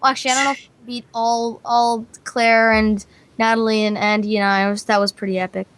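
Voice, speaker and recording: A woman hosting an internet radio show, chatting in a bubbly, excited, gushing way. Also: fairly high pitch, fairly quick. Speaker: host and singer.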